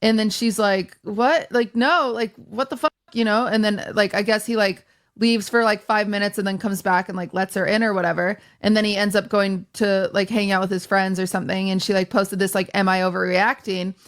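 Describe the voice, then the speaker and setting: A woman's voice: medium pitch, fairly quick. A woman hosting a podcast in casual chat, telling stories with animation and acting out the quotes. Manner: animated storyteller, acts out quotes. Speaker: streamer and podcast host.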